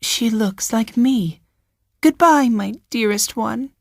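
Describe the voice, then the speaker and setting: Man doing a young society woman, high airy voice, breathy, drawn-out slow lines, dry sound. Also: no echo, full character voice. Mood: doting. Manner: breathy, sighing, half-whispered. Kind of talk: audiobook character voice.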